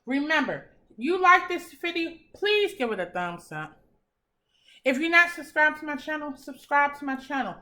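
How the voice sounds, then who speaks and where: A woman's voice: high-pitched, big pitch swings, moderate pace, sharp tone. A young woman giving a tarot reading in a casual, blunt and encouraging way, swearing freely. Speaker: tarot reader.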